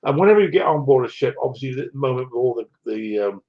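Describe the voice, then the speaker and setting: A man's voice: mid-range voice, lively intonation, fast, lo-fi sound. An older man from England telling a rambling travel story in a wry, self-mocking way. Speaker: vlogger. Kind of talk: casual storytelling.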